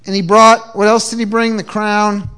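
High bright-voiced male preacher. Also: flat delivery, moderate pace, smooth. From New England. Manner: call-and-response preaching, frequent repeated restarts. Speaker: pastor. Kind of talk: sermon. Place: church.

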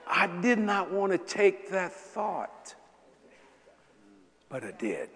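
A man in his seventies preaching a sermon, telling a personal story with lots of laughter and sudden loud bursts. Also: high-pitched, slow pace, pauses often. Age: 70s. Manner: animated, laughing, bursts of shouting. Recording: echoey hall.

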